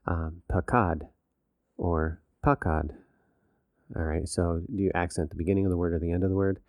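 A man's voice: deep voice, little pitch movement, fast, mellow, dry recording, studio quality. A man in a casual podcast chat, explaining things patiently like a teacher.

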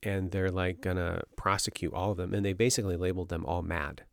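A man's voice: deep voice, quick pace, creaky, no room sound, clean studio sound. A man casually retelling and discussing a novel with friends, rambling with fillers. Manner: rambling, animated summarizing with filler words. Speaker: book club member.

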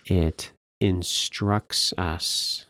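A man's voice: deep voice, fairly even intonation, extremely slow, pushed and bright, no echo. A man co-hosting a podcast, explaining Bible verses with emphatic rhetorical questions. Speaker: podcast co-host teaching scripture. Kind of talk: teaching podcast discussion.

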